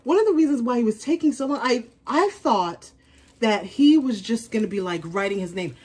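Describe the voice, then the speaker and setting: A woman's voice: a little high, lively intonation, normal speed, darkish tone, slightly rough. A woman chatting casually in an unboxing vlog, rambling on as a fashion vlogger.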